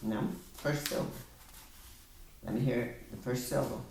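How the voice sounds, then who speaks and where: A woman tutor with a very deep, gravelly, darkish voice patiently guides a single student through reading, drawing words out slowly as examples. She sits back from the mic in a room with echo, and faint hiss runs beneath.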